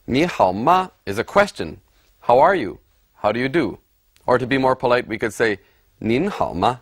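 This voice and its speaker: A man narrating a scripted language lesson, explaining deliberately and repeating example words for the listener. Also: medium pitch, expressive, dry recording, studio quality. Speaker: language teacher.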